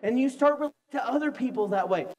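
A man preaching a conversational sermon to a congregation, lively and acting out the voices he quotes. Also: very high voice, quick pace, dull audio. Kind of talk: sermon with audience games. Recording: long hall reverb.

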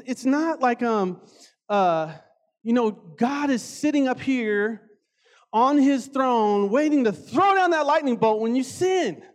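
A man preaching a conversational sermon, animated, stretching key words for emphasis and often turning to the audience with asides. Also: very high voice.

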